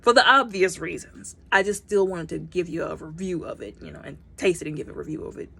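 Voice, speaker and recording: A woman giving a casual, rambling snack review, talking fast and often repeating herself. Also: lowish voice, creaky, bright, forceful tone, slightly rough. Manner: talks fast.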